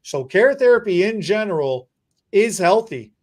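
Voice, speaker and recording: A podcast host in casual chat, joking and rambling, often restarting sentences. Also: moderate pace. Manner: animated, joking, rambling with restarts and repeated words; mock infomercial pitch. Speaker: podcast host and stylist educator.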